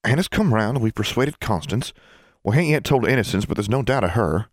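A man's voice: on the low side, expressive, a little fast, no echo, studio quality, voice pushed up. A man voicing an earnest, nervous schoolgirl who talks in a rustic, old-fashioned dialect.

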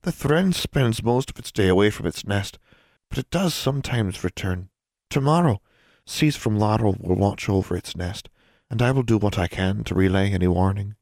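A man's voice: lively intonation, normal speed, creaky, a little mellow, no echo. A man voicing a small wrinkled male elf who speaks in a stiff, formal, disapproving way. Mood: prim, stiff. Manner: formal, stiff, high-pitched speech. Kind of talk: audiobook character voice.

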